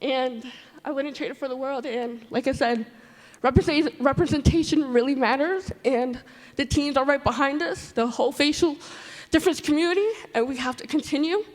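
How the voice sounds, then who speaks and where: A woman's voice: high-pitched, normal speed, long reverb tail. A woman in her twenties giving a heartfelt comment from the floor at a conference, often repeating her words. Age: 20s. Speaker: audience member. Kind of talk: emotional public comment. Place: large conference hall.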